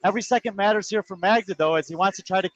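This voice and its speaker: Guy with a pretty high voice doing live play-by-play, rattling off times and standings. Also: lo-fi sound. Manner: rapid, precise, number-heavy calling. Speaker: sports commentator.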